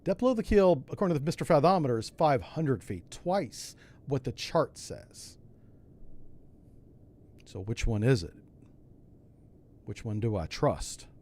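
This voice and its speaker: Playing a submarine game, a streamer offers casual, folksy commentary, talking himself through each step and adding asides. His mid-range voice has a darkish tone and is very animated, though a little slow, with frequent pauses.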